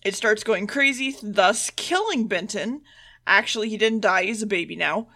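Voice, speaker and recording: Brief: podcast co-host, woman, bright tone, rambling swear-laced recaps with voiced asides. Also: medium pitch, animated. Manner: loose, swearing, mimics characters in quick asides. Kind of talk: casual episode recap.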